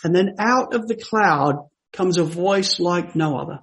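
A man preaching a sermon, moving from hushed storytelling to emphatic, raised scripture quotations. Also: high-pitched, a little slow. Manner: dramatic, swings from hushed to emphatic when quoting scripture.

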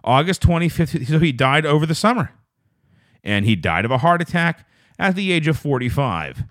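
A podcast host runs a solo show, chatting with live viewers in an over-the-top radio-announcer voice full of pitch swoops and rambling through stammered restarts. His sing-song voice is a bit bright, at normal speed, in a dry, studio-quality recording.

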